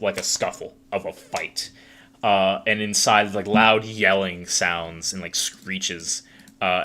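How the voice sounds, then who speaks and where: Bright-voiced rambling man as game master. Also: lowish voice. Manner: rambling, heavy on fillers. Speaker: dungeon master. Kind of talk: casual game narration.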